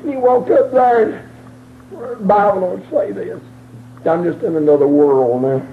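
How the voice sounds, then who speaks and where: A man preaching a sermon as he tells a story, swinging between shouted, crying cries and low murmurs. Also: normal speed. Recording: tinny phone-line sound with faint hiss.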